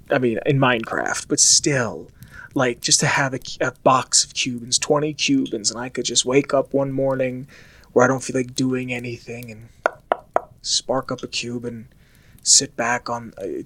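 A man's voice: mid-range voice, normal speed, fairly bright tone. A young American man in casual, rambling monologue, talking chattily with lots of filler words. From United States.

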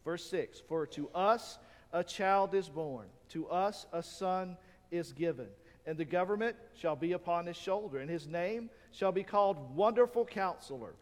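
A man's voice: high voice, normal speed, in a large hall. A man preaching a sermon, reading scripture and asking the congregation rhetorical questions. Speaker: pastor.

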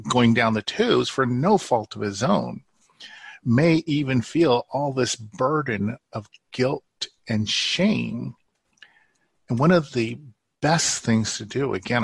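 A male therapist talks in an interview in a slow, reassuring way and often repeats his key phrases. His voice is gravelly with a husky edge. The sound is dry and close. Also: medium pitch, no echo. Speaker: healing therapist guest. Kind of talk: interview conversation.

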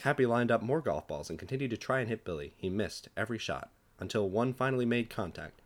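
A man's voice: fairly low pitch, fast. Young man reading fan fiction aloud. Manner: animated, laughs at his own jokes, acts out the dialogue. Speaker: podcast co-host reading his fan fiction. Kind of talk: comedic reading aloud with banter.

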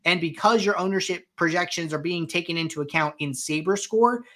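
A man hosting a live question-and-answer show, explaining software settings in a conversational way with frequent fillers. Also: high-pitched, a little fast. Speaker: host answering viewer questions. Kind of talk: live Q&A tutorial, walking through software.

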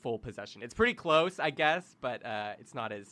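A man's voice: mid-range voice, expressive, normal speed, pushed and bright. A young man narrating a tabletop role-playing game as game master, casual and rambling with many fillers.

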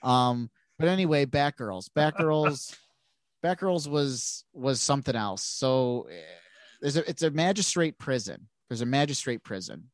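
A man with a nasal voice chats casually about comic books as a podcast co-host. He rambles, restarts sentences and fills gaps with "you know" and "um". His voice is mid-pitched and sits dry and close to the mic. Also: animated, measured pace, dry recording. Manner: rambling, many restarts and fillers. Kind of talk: casual comic book chat.

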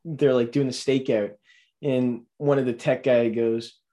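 A man's voice: mid-range voice, fairly even intonation, a little slow, dark tone. A man co-hosting a casual movie podcast, rambling with lots of fillers and restarts. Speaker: podcast co-host.

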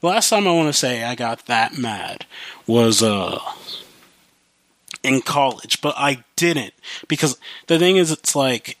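A man's voice: mid-range voice, lively intonation, unhurried, pauses often, a bit bright, no room sound. A young man hosting a podcast alone, rambling casually about his life with lots of fillers and restarts. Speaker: podcast host. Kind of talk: casual monologue.

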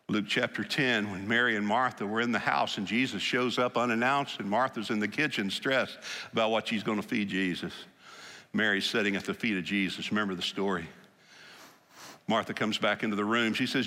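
Brief: male preacher, lively storytelling sermon, acts out scripture lines, ringing hall reverb. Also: on the low side, a little fast. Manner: animated storytelling, acting out scripture quotes. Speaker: pastor.

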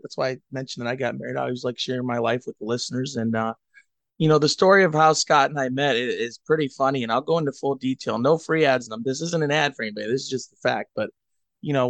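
A man from Cleveland chatting as a podcast co-host, telling a rambling, self-mocking story into a headset boom mic. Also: vocal fry, dry recording. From Cleveland, USA. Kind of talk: casual storytelling chat.

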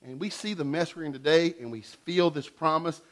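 A middle-aged man preaching a sermon in an animated way, swinging between loud and hushed delivery. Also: on the high side, a little fast. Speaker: pastor.

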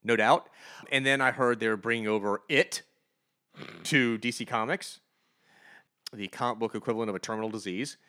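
A man co-hosting a comic book review podcast, ranting with animated, sarcastic energy. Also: mid-range voice, normal speed, long pauses. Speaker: podcast co-host.

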